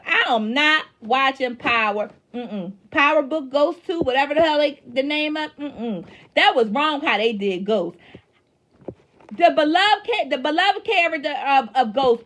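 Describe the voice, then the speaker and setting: Slow, animated woman reviewing a show. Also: fairly high pitch. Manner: emphatic, animated, swears freely, many fillers. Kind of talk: casual review recap.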